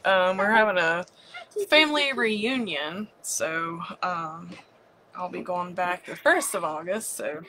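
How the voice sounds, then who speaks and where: A woman from Virginia, hosting a craft livestream in a chatty, bubbly way, her voice leaping high on greetings. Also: unhurried, bright, forceful tone, slight background noise. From West Virginia. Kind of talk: casual live-stream chat.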